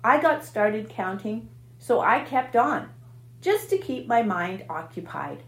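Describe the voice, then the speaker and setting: Woman reading as a tired, wise female spider, soft and gentle, slow, storybook, echoey room. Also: on the high side, big pitch swings, heavily acted. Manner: quiet and gentle, weak-voiced.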